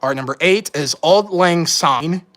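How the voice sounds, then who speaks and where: On a casual livestream, a man with a somewhat high, slightly bright voice talks at a moderate pace. He rambles, fixes his own slips, and sounds mildly frustrated as he gives live commentary.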